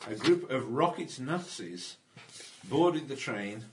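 A man's voice: medium pitch, animated, takes it slowly, slight background noise, rough recording. A man narrating a tabletop game as game master, recapping the story in a jokey, rambling way.

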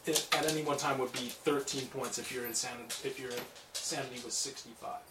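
Game master, male, relaxed and laughing, hushed for horror; roomy, far-off call recording. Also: fast talker, a crowd in the background. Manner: laughs easily, drops to a low hush when narrating horror. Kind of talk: running a tabletop horror game over a call. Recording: echoey call audio from far off, noisy.

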